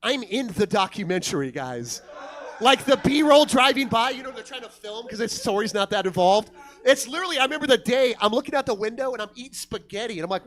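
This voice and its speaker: A man's voice: sits high, a little fast. A man doing a stand-up comedy set on a club stage, telling stories with lots of swearing and acting out other voices. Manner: swearing, animated storytelling, acts out other voices. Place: comedy club stage before a live audience.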